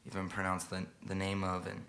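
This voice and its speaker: A man telling a story in a soft, hushed and halting way, pausing and restarting often. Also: sits low, completely flat delivery. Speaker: singer-songwriter. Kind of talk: spoken storytelling intro to a song. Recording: loud guitar playing behind the voice.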